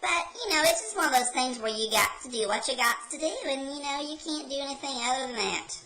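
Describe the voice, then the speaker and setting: A woman's voice: high voice, fast, bright, forceful tone, a little hiss or hum, rough recording. A woman doing a brash hillbilly carny gal. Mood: rambling. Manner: rambling, drawling, folksy storytelling. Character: brash rebellious hillbilly carnival woman, young adult. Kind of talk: comedic character monologue to camera.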